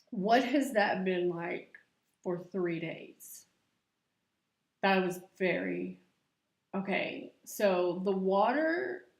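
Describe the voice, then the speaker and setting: Her mid-range voice carries vocal fry as she chats casually to camera. The middle-aged vlogger laughs often during this confessional talk, recorded in an echoey room at home.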